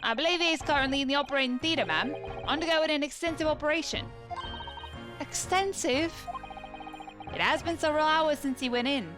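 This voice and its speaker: A woman's voice: high voice, brisk, pitched above the performer's own voice, close to an everyday voice. A woman voicing a polite, formal male police constable. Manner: formal and courteous. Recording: game music behind.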